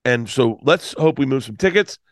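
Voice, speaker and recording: A middle-aged comedian telling a rambling, emotional story in casual talk, swearing and restarting often. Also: male voice, medium pitch, animated, normal speed, no echo, clean studio sound. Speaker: comedian guest.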